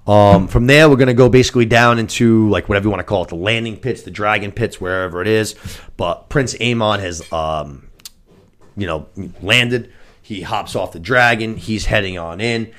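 A man co-hosting a podcast, recapping a TV episode in a casual, animated and profane way. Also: lowish voice, moderate pace. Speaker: podcast co-host.

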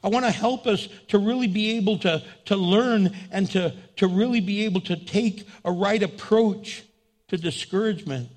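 A man preaching a sermon as pastor, fervent, prompting the congregation to answer back, swinging between loud exhortation and low, intimate asides. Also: normal speed.

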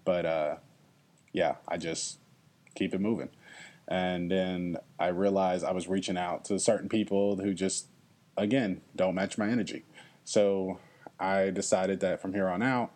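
Speaking at a moderate pace in a low, slightly mellow voice with fairly even intonation, a young man talks reflectively on his solo podcast. He is earnest with his listeners, repeatedly checking in with "okay?" and at moments turning emotional.

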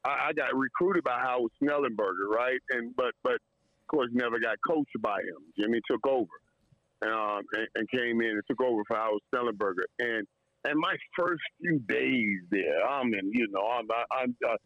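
A man's voice: mid-range voice, moderate pace, a bit bright, no room sound, highs cut off. A man telling a story in casual chat, emotional and tearing up, stumbling over repeated words and laughing often. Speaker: guest storyteller.

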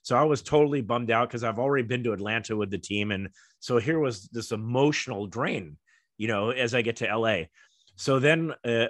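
Middle-aged American man, interview guest, rambling storyteller, mid pitch, dry. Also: a bit bright, dry recording. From United States. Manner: rambling, many fillers, acts out quoted voices. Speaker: guest, former Olympic kayaker.

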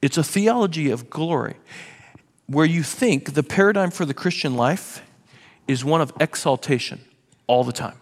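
A man's voice: fairly high pitch, expressive, moderate pace. A man preaching a sermon as pastor, emphatic and sarcastic, often restarting his words, in a church. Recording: reverberant hall.

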